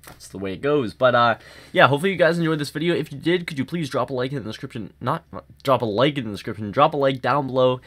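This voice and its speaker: A man's voice: mid-range voice, fast talker, fairly bright tone. A young man giving casual, rambling voice-over commentary on his own hockey video game match, frustrated and full of fillers. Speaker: gaming YouTuber.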